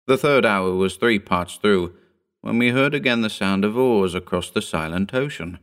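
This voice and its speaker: A man reads a horror short story aloud, measured and solemn. His voice sits on the low side, and he lets each sentence unfold steadily. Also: a bit bright, clean tone. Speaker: reader.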